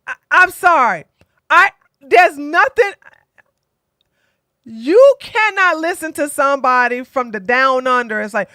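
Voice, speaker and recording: A woman giving blunt, opinionated commentary as an online streamer, animated and fond of mocking impressions. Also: sits high, measured pace, pauses often, no room sound, clean studio sound.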